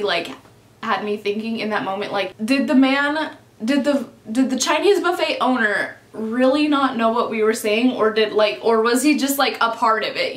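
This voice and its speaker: A woman's voice: a little high, fairly bright tone. A young woman in her twenties telling a story casually, swearing often and saying "like" constantly, for her vlog. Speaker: vlogger. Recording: echoey room.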